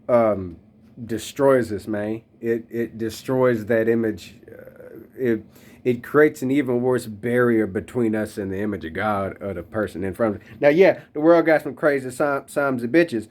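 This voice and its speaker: A man's voice: mid-range voice, unhurried, a little mellow. A man in his thirties reflecting on faith in a loose, slangy, rambling way, talking straight to his listeners. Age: 30s. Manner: addresses listeners directly. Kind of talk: casual spoken reflection on faith.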